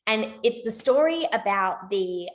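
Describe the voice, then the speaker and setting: A young woman giving a casual motivational talk to her sales team, chatty and rambling, with lots of "like" and quick self-corrections. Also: mid-range voice, animated. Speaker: network marketing team leader.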